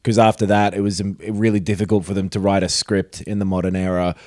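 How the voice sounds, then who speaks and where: A man co-hosting a podcast, making crude deadpan jokes and swearing. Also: deep voice, quick pace, no echo, clean studio sound. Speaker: podcast co-host. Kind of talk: casual podcast banter.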